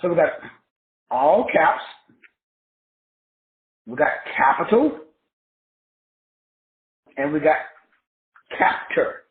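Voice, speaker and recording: A man's voice: a little high, big pitch swings, extremely slow, long pauses. A man teaching in a preachy style, spelling words out letter by letter and answering his own questions with emphatic repetition. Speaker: self-help teacher. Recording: tinny phone-like sound in an echoey room.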